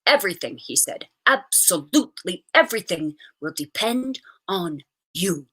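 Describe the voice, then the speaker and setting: A woman reading a story aloud, voicing a stern, theatrical male schoolteacher who talks in a brisk, commanding way. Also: lowish voice, sing-song, fairly bright tone, breathy edge, full character voice.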